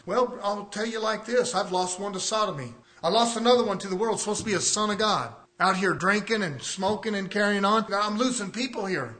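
A male pastor preaching a fervent sermon to his own congregation, at times rising to shouts. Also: high voice, brisk, few pauses.

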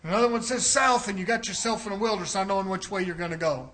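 Male preacher, high bright tone, quiet teaching swelling into shouted exhortation. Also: rapid-fire. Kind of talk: sermon.

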